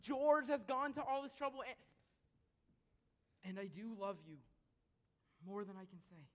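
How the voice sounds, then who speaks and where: A woman's voice: on the high side, expressive, slow. A woman playing an earnest young groom pleading with his bride in a stage musical.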